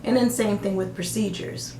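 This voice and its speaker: A woman's voice: medium pitch, steady tone, normal speed, mellow, echoey room, a little hiss or hum. A woman with a Southern US accent, teaching medical coding in a casual, folksy way with everyday examples. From American South.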